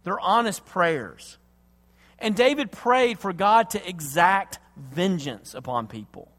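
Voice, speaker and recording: Pastor preaching, high-pitched man, impassioned with hushed turns, long hall echo. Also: expressive, takes it slowly. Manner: impassioned, swings from loud emphasis to hushed tenderness. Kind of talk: sermon.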